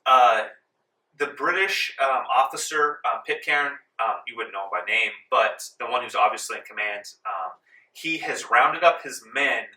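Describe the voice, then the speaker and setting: A man narrating as game master in a tabletop game, relaxed, with many ums, in a library meeting room. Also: medium pitch, moderate pace. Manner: relaxed, full of ums, laughs along. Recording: roomy echo, distant mic.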